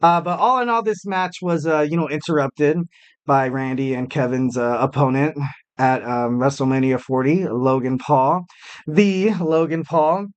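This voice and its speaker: A man's voice: mid-range voice, normal speed, clean tone. A man hosting a wrestling podcast in a casual, chatty way, with lots of fillers and restarts and some jokes at his own expense. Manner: chatty, many fillers and restarts, jokey self-mockery.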